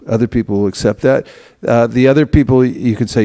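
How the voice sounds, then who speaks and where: A man's voice: medium pitch, steady tone, fast, vocal fry, dark tone. A man teaching a devotional class, often acting out short quoted exchanges and asking the audience to respond. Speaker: teacher of book distribution. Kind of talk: class talk.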